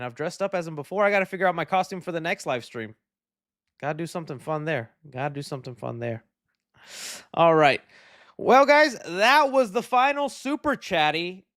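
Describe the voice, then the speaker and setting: High-voiced chatty male streamer. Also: clear, resonant tone, no room sound, studio quality. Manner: relaxed, friendly and chatty, trailing off often. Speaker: livestream host. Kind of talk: casual livestream chat, reading viewer donations.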